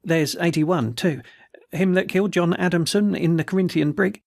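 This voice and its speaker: A man's voice: a little high, normal speed, creaky, dry recording, studio quality, voice pushed up. A man voicing a persistent, confiding middle-aged prison head warder with informal, chatty speech. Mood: reporting.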